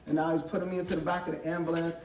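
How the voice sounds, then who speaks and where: A man's voice: a little high, little pitch movement, rapid-fire, darkish tone. Man telling a vivid personal story in an echoey room. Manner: vivid, conversational, acts out quoted voices. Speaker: guest speaker. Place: college library event space. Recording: echoey room, distant mic, faint ambience.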